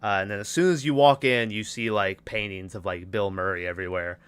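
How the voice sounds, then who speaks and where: A man's voice: lowish voice, brisk, fairly bright tone, smooth, dry recording. A young man hosting a podcast, casually retelling a movie scene by scene with loose quoted lines and laughter. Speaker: podcast host. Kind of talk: casual movie recap chat.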